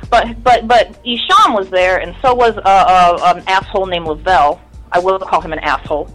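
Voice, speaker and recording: A woman's voice: medium pitch, moderate pace, a bit bright, soft background music, poor audio. Woman, 30s, interview guest; candid, rambling, foul-mouthed storyteller, mid-range voice. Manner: candid, rambling, swears often.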